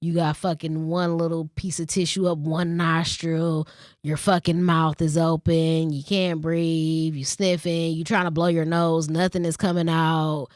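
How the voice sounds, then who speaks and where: Speaking low and flat at a measured pace, a woman with a darkish tone reads a short passage on her casual storytelling vlog, then rants bluntly with lots of swearing. The studio-quality audio has no room sound.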